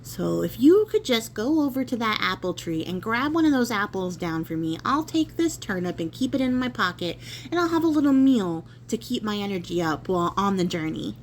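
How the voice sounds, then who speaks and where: A woman's voice: mid-range voice, big pitch swings, a little fast, slight background noise. A woman voicing Stingy Jack, a crafty old man who talks in a falsely sweet, sly way.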